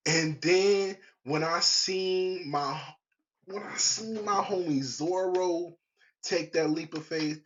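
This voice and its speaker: A man's voice: high voice, slow pace, a bit bright, lo-fi sound. A young man hosting his own podcast in a casual, rambling way, full of slang and restarts. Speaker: podcast host. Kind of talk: casual solo podcast chat.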